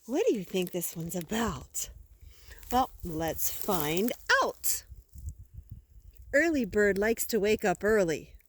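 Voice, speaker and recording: Older woman, grandma reading a storybook to a kid, slow and gentle, voice bouncing all over. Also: medium pitch. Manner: slow, gentle and lively, with gasps and questions to the listener. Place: outdoors by woods.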